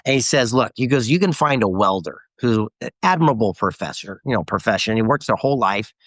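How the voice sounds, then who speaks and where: A man's voice: lowish voice, lively intonation, fairly quick, a bit bright, no echo. A middle-aged man telling a story as an interview guest, animatedly quoting others. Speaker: guest author.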